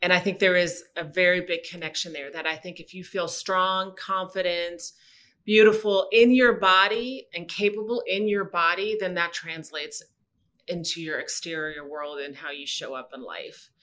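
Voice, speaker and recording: Woman, bright crisp tone, fairly low pitch, earnest, reflective, casual interview. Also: fairly even intonation, normal speed. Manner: earnest, reflective, talks about self-discipline. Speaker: podcast guest. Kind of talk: casual conversation.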